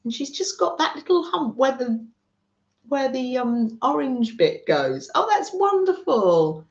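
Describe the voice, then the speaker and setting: A woman's voice: high-pitched, big pitch swings, a little slow. Gushing woman in a roomy lo-fi stream. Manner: gushing, warm chatter with viewers. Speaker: craft livestream host. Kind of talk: chatty craft livestream. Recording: roomy, dull lo-fi home stream audio.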